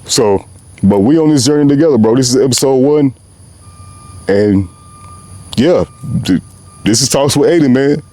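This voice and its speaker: Recorded dry, a young man with a dark, mid-range voice hosts his own show outdoors at a moderate pace, leaving long pauses. He rambles passionately and without a script, using lots of slang and saying "bro" often.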